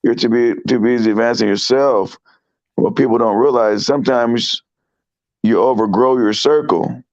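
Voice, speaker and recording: A man who is sick and hoarse, talking in an emphatic, slangy way as a guest on a trucker livestream. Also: medium pitch, normal speed, a little mellow, muffled recording. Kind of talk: casual livestream chat.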